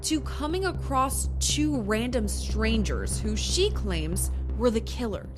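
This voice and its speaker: Woman narrator, high and animated, music bed behind. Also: slow pace. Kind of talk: scripted true-crime narration.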